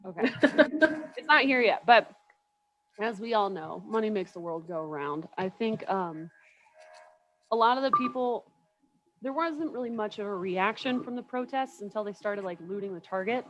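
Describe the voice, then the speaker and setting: A woman's voice: medium pitch, animated, normal speed, dull audio, background noise. A young woman doing stand-up over a video call, rambling and self-mocking, often laughing at her own lines. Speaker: comedian.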